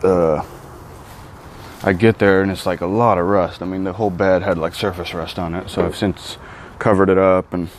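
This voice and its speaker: A man in a casual vlog, talking in a rambling, excitable way and often saying dude. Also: deep voice, normal speed, a little hiss or hum. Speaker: vlogger.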